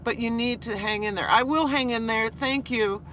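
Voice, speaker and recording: A woman who teaches high school, vlogging live while worn out after crying, talking earnestly with halting restarts as she reads her chat. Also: fairly bright tone, slight background noise. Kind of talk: live-stream vlog, reading chat.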